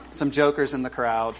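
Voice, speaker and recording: A man in his forties preaching as a guest speaker to a church congregation, in a conversational, halting way with lots of fillers and self-deprecating humor. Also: medium pitch, a little hiss or hum. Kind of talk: informal sermon. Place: church service before a congregation.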